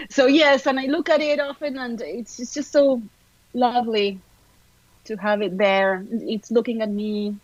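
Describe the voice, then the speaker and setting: Argentine-accented actress, upbeat and talkative guest, dry, muffled lo-fi sound. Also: female voice, fairly high pitch, steady tone, a little slow, pauses often, no room sound. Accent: Argentine Spanish. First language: Spanish. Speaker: actor, podcast guest. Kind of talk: casual interview chat.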